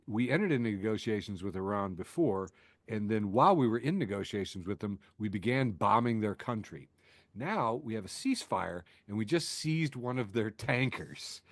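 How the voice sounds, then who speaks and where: A man's voice: mid-range voice, no echo, clean studio sound. A man hosting a podcast, riffing sardonically through news, laughing at his own jokes, with lots of fillers and restarts. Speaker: podcast host. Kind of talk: casual news chat.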